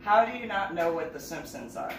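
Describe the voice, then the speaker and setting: A woman's voice: lowish voice, lively intonation, natural voice. A woman voicing an exasperated, incredulous schoolboy in a remembered story. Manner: incredulous, drawn-out exclamations. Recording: roomy, distant mic, noisy background.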